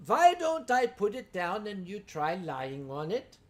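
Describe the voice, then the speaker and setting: A speaker voicing a calm, businesslike Amish woman selling sheepskins, in a plain, matter-of-fact way. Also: mid-range voice, measured pace.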